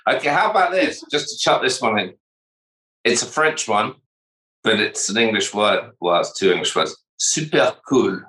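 A man's voice: lowish voice, very animated, normal speed, bright, forceful tone. A man co-hosting a casual chat show, crude and boisterous, swearing freely. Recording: echoey room.

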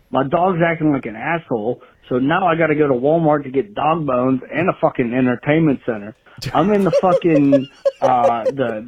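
A man rants on a tinny phone voicemail, swearing freely as he vents a grievance. His voice is husky and sits a little high for a man. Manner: angry, profane rant. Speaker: voicemail caller. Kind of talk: ranting voicemail.

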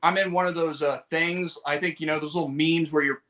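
A man co-hosting a casual podcast chat, with a bright, slightly high voice. He rambles, laughs often and trails off with fillers. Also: steady tone, a little fast. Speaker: podcast co-host.

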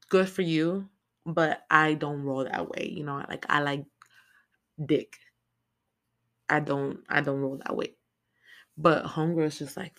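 Animated, foul-mouthed woman recapping a film. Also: low-pitched, moderate pace. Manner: animated, heavy swearing, lots of "like" fillers. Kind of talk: casual profane movie recap.

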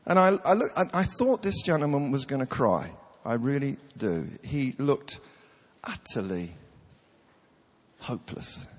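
A man's voice: mid-range voice, animated, a little slow. Chatty male preacher with a cold, hall echo. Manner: self-deprecating, chatty, dry humor. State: coughing, has a cold. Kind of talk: humorous sermon storytelling. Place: large hall with audience. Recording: reverberant hall.

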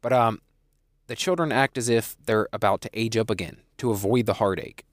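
Male podcast host, chatty recap delivery with restarts, slightly low pitch, dead-dry recording. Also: brisk, no echo. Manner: chatty, with frequent restarts and asides. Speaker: podcast host reviewing a TV episode. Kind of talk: casual episode recap.

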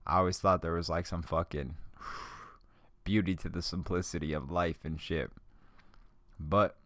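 A man hosting a solo podcast who talks in a casual, rambling, profane way while high. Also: fairly even intonation, unhurried, a bit bright, dry recording. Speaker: podcast host.

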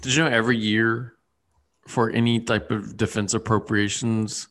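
A man's voice: fairly low pitch, level tone, moderate pace, fairly bright tone. A man in casual chat, rambling with lots of fillers and restarts.

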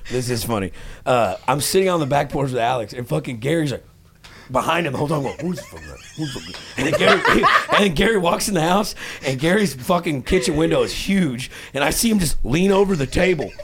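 Young man, podcast host, high, rowdy, swearing, animated pitch, faint noise. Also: brisk. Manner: rowdy, swears a lot, laughs, stammers when excited. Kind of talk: casual podcast chat.

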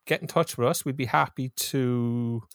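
A man co-hosting a football podcast, talking in a steady, matter-of-fact way. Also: mid-range voice, normal speed, dry recording, clean studio sound. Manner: steady, matter-of-fact, reads a list aloud. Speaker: podcast co-host. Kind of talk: casual chat.

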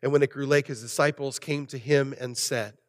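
A man preaching a sermon as pastor, animated, swinging between loud emphasis and soft, low asides. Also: fairly quick, long reverb tail.

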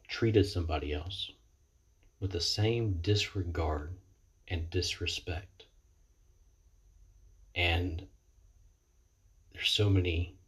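Speaking from experience as someone in recovery, a man with a low, slightly rough voice offers a heartfelt, reflective motivational talk. He uses a computer webcam mic and often stops to go back over his words.

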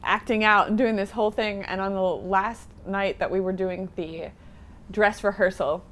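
A woman's voice: mid-range voice, steady tone, normal speed, a bit bright. A woman co-hosting a casual podcast chat, teasing her friends and laughing often. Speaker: podcast co-host.

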